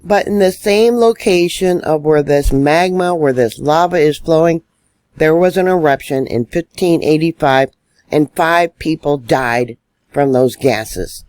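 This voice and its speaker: A man's voice: on the high side, measured pace, darkish tone, clear, resonant tone, no room sound. A man giving solo online news commentary, indignant and emphatic as he stresses warnings.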